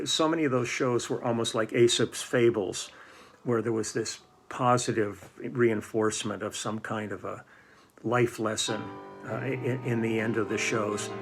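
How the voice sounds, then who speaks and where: An older man spins a casual story at a middling pitch, rambling and restarting, with plenty of ums and uhs. Faint music plays behind him. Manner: rambling, many fillers and restarts. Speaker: musician telling stories.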